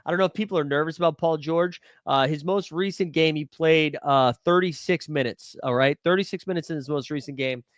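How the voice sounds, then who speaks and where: A man's voice: a little high, a little fast, few pauses, no room sound, studio quality. A young man hosting a live stream, rambling casually and joking with his chat as he searches for something. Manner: rambling, jokey, talks to chat while searching. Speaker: livestream host.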